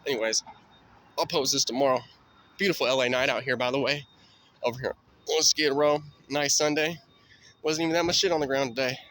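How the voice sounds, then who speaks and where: A man's voice: mid-range voice, steady tone, brisk, pauses often, a bit bright. A man vlogging as he walks a city street at night, rambling and swearing in a stream of thought. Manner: rambling, profane, stream of consciousness. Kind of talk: rambling night walk vlog. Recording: faint street noise and passing cars.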